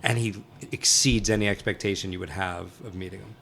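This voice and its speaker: A man, a guest filmmaker, telling an animated story and acting out the voices of the people in it. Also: low-pitched, brisk, creaky, a little hiss or hum. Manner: excited, acts out dialogue in quotes. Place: film set.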